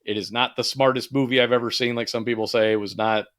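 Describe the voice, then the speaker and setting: Fast and medium-pitched, a thirty-something podcast co-host talks up a film in a casual conversation, cursing freely and staying animated throughout.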